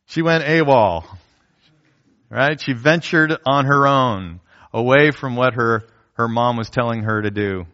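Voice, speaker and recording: A man's voice: medium pitch, measured pace, fairly bright tone, muffled recording. A middle-aged man preaching a sermon, telling a story about his toddler granddaughter and acting out the voices of the people in it. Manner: storytelling, acts out quoted voices. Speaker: pastor.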